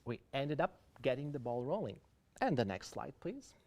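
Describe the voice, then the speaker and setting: A man's voice: medium pitch, sing-song, moderate pace, darkish tone. A man with a Ukrainian accent giving an online English lesson, explaining idioms and asking viewers to answer in the chat. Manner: explains idioms, switching between English and Russian. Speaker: English teacher. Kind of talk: online lecture.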